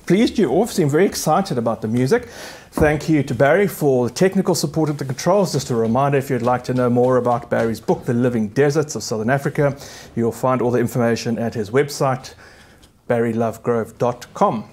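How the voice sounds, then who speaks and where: A man's voice: mid-range voice, fairly quick, darkish tone. Slightly breathless man hosting a recital. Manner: chatty, fond baby talk to his dogs. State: a little out of breath. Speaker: pianist hosting a streamed recital. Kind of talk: casual chat to camera. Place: music studio.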